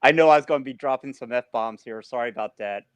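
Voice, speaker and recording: A man hosting a casual podcast who talks in halting bursts, often restarting and swearing. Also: mid-range voice, clean tone. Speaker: podcast host.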